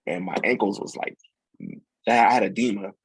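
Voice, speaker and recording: A man in his forties telling a personal story in casual chat, acting out what others said with lively slang. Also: lowish voice, moderate pace, breathy edge, dry recording. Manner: animated, acts out quotes with slang. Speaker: podcast guest.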